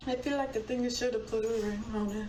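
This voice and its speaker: A young woman on a livestream, telling a story in a chatty, animated way and swearing casually. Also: a little high, fast. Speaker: singer on a livestream. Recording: echoey, distant playback with faint noise.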